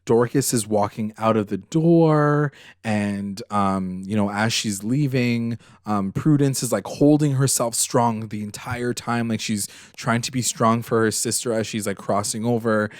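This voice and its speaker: A man with a lowish voice co-hosts a casual podcast, recapping a TV episode. He talks in an emotional, loose way, full of fillers and the odd swear. The sound is dry and close to the mic. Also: unhurried, few pauses, dry recording. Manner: emotional, animated retelling, many fillers and swearing. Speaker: podcast co-host.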